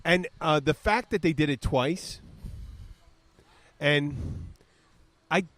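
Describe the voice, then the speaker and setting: A man's voice: fairly high pitch, takes it slowly, a bit bright, no room sound. A man in his fifties hosting a podcast in casual chat, rambling with restarts and fillers. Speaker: podcast host.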